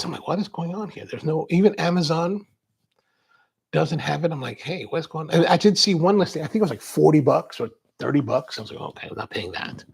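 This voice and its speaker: A man's voice: a little high, gravelly, breathy edge. A man hosting a coffee livestream, chatting casually and reading out viewer comments in a rambling, chatty way. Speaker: coffee show host.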